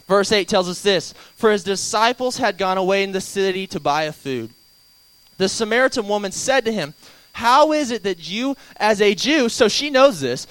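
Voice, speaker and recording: A young male preacher with a high, smooth and resonant voice. He tells stories animatedly and drops in lively asides as he teaches. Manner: animated storytelling with frequent asides. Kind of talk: sermon.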